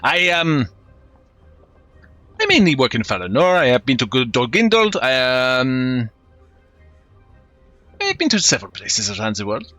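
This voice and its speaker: A man doing a flamboyant swashbuckling mercenary with a thick French accent, boastful and jovial between his fumbling pauses. The voice is bright and forward. It sits close in a dry, dead room. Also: mid-range voice, big pitch swings, dry recording, faint music behind. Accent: put-on French. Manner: boastful, flamboyant, hesitant with fillers.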